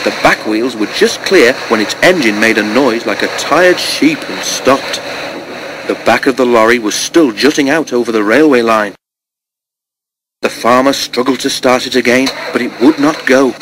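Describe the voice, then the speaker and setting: A man narrating a children's storybook in an even, gentle storytelling manner. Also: medium pitch, normal speed, background noise. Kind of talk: storybook reading.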